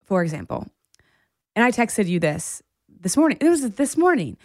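A woman co-hosting a podcast, telling a story in casual chat, animated and laughing often. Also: mid-range voice, moderate pace, no echo, clean studio sound. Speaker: podcast co-host.

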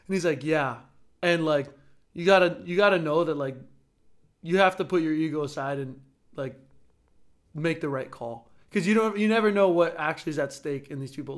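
Young man, high voice, volleyball player, animated, acts out quotes. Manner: animated storyteller, voices others. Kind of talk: casual podcast chat.

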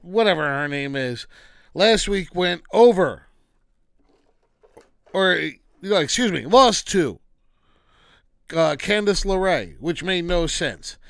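A man's voice: high voice, animated, takes it slowly, creaky, long pauses, a bit bright, smooth, no room sound, clean studio sound. A man hosting a casual wrestling recap, ranting with exasperated, dismissive asides.

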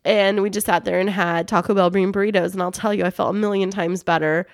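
Female co-host, thirties, earnest storyteller, mid pitch, dry close mic. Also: steady tone, fast talker, dry recording. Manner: earnest, warm storytelling, laughs easily. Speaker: podcast co-host. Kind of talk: casual chat, telling personal stories.

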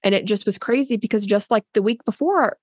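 A woman speaks as an interview guest, telling her story in an earnest, loose way full of fillers and restarts. Her voice sits in a middle pitch. The recording is dry and close, with no room echo. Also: fairly quick, a little mellow. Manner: often quotes others in a raised voice. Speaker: interviewee, a surrogate. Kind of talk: casual spoken interview.

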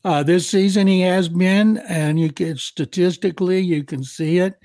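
A man's voice: high voice, darkish tone, no room sound. Blunt older male sports analyst. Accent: Texan. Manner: blunt, analytical, halting phrasing. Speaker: sports columnist co-host. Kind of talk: casual sports talk.

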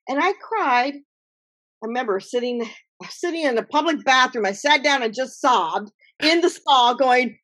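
A woman author talking as an interview guest, telling her story in an emphatic, animated way. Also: a little high, normal speed. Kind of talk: conversational interview.

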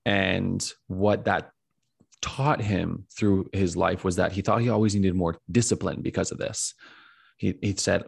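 Deep, gravelly-voiced podcast host. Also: male voice, steady tone, a little slow, dry recording, studio quality. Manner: earnest and searching, with frequent fillers and restarts. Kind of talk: reflective podcast conversation.

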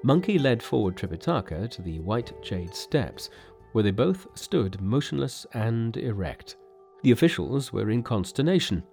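A man reading a story aloud as narrator, in an expressive, measured way. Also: medium pitch, creaky, soft background music. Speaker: audiobook reader.

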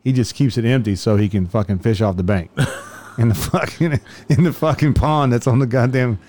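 A man's voice: mid-range voice, normal speed, darkish tone, a little hiss or hum. A man, a police officer telling profane stories in casual chat, laughing as he goes. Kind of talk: casual podcast storytelling.

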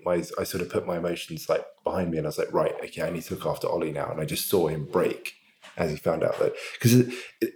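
A man with a deep voice sharing personal stories on a podcast, open and reflective. The recording carries a roomy echo. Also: fast, a little mellow. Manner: open, reflective, self-described pragmatic. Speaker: podcast guest. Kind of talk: candid personal storytelling.

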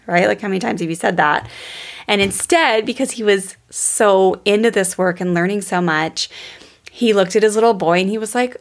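A woman's voice: medium pitch, normal speed. A woman teaching parenting on a podcast, chatty and storytelling, often calling her listeners "guys". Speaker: parenting educator.

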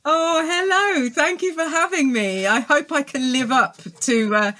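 A woman's voice: high-pitched, measured pace, pushed and bright. Thoughtful southern English woman. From England. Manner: thoughtful, friendly, hesitant with fillers. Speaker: guest author. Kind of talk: casual interview.

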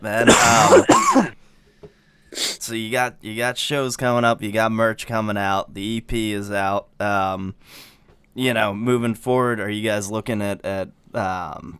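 Laid-back host with a lowish voice. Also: male voice, very animated, a little slow, a bit bright, clear, resonant tone, no echo. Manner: laid-back, casual swearing. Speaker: podcast host. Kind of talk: casual interview chat. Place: recording studio.

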